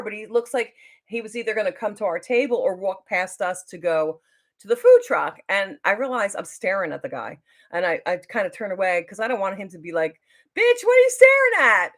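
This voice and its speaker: A woman's voice: mid-range voice, expressive, moderate pace, fairly bright tone. A middle-aged woman telling a long story on her live stream, rambling and chatty, with lots of fillers and restarts. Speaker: YouTuber hosting a live stream.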